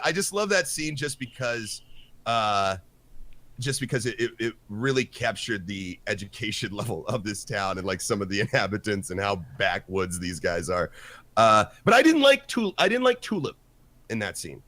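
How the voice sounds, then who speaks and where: A man co-hosting a casual podcast chat, animated and acting out quotes in his story. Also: fairly low pitch, moderate pace. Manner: animated, acts out quotes with lively swings. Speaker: podcast co-host.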